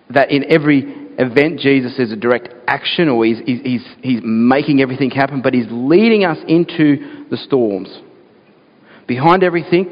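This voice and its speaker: A man preaching a sermon as pastor, earnest and talking through rhetorical questions to his listeners. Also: medium pitch. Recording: dull sound with long hall reverb.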